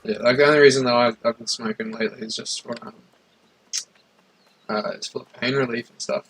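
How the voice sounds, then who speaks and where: A man's voice: mid-range voice, steady tone, brisk, a bit bright, husky, low-quality recording. An Australian man chatting casually, hesitant and laid-back, swearing in passing. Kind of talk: casual chat.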